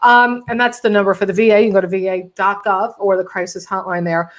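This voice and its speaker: A woman's voice: mid-range voice, steady tone, fast. A woman hosting a casual chat, prompting her guest with questions. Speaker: host.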